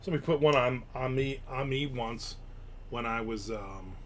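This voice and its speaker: A man's voice: mid-range voice, moderate pace, slight background noise. A man hosting a casual live show, grumbling and swearing sarcastically as he tells stories. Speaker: podcast host. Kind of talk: casual live-stream chat.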